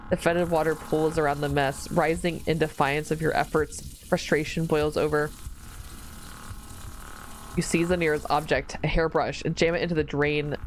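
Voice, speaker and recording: A woman streamer reading a horror visual novel aloud, slow narration broken by squealing, disgusted reactions. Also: low voice, slight background noise, rough recording. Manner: reads narration slowly, then breaks into squealing disgusted reactions and laughs. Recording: faint music behind the voice.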